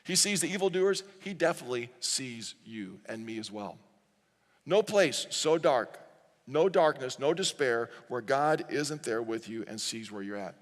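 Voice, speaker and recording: A man's voice: mid-range voice, animated, measured pace, in a large hall. A man preaching a sermon as pastor, earnest, reading scripture aloud and leading the congregation in reading. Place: large church sanctuary.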